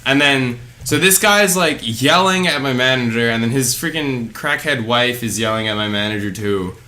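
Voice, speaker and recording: A young adult man co-hosting a podcast, telling a story in casual chat with animated, rambling delivery full of fillers and restarts. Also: mid-range voice, moderate pace. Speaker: podcast co-host.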